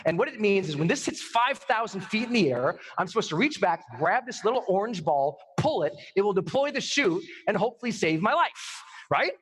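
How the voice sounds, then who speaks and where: High, lively storytelling man. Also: a little fast, hardly any pauses, breathy edge, poor audio. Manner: animated, acts out scenes and screams. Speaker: motivational speaker. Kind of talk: energetic storytelling talk. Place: live event hall.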